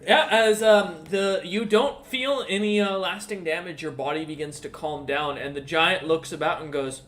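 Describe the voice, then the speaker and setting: A man with a slightly raised pitch runs a tabletop game as dungeon master. He talks loosely and profanely, stalling on ums and uhs as he narrates and sorts out rules. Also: a bit bright. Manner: casual, profane, halting with many ums and uhs. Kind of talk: running an online tabletop game.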